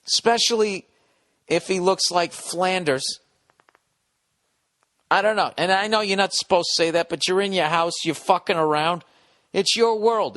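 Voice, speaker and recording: A man's voice: high-pitched, fairly bright tone. A man hosting a podcast, reading out a listener's letter and riffing on it in sardonic, profane, rambling casual comedic chat. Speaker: podcast host.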